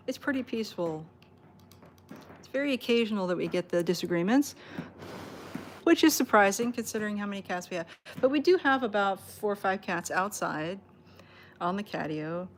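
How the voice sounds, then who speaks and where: A woman's voice: mid-range voice, slight background noise. Chatty woman cooing at cats. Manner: chatty, laughs often, coos at the cats. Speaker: host of a cat rescue livestream. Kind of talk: casual livestream chat. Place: indoors at a cat sanctuary.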